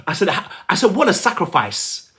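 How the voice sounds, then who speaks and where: A man with a slightly raised voice coaches his viewers on relationships. He talks straight at them, repeating key phrases and acting out little scenes. His delivery is lively and personal. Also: high voice, moderate pace. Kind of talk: coaching talk to camera.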